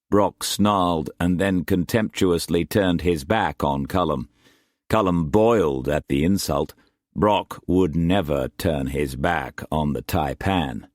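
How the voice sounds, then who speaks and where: A male narrator reads an audiobook in an unhurried, measured way. His voice sits somewhat low and moves at a very slow pace. The sound is dry and close to the microphone. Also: darkish tone, dry recording. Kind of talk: scripted narration.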